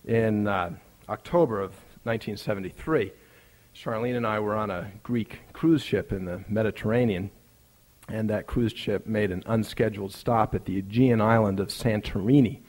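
A man's voice: fairly low pitch, moderate pace, a little mellow. A male preacher telling a personal story in a conversational sermon, building up to emphatic, rising lines.

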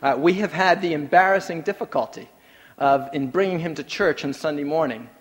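Pastor guy preaching, jokey storyteller, kinda high voice, long church echo. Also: a little fast. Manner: animated storytelling with humor, swinging between soft and emphatic. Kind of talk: sermon.

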